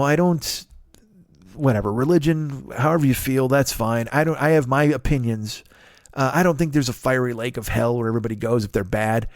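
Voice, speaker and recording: A man's voice: mid-range voice, a little mellow, no room sound, clean studio sound. A man in his forties hosting a comedy podcast, delivering a profane, ranting monologue full of mocking impressions. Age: 40s.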